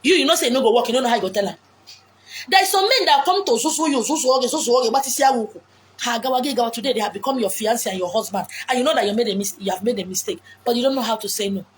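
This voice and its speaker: A woman with a Nigerian Igbo accent giving blunt, forceful relationship advice outdoors, mixing English, Pidgin and Igbo. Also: on the high side, rapid-fire. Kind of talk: outdoor monologue. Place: beach outdoors.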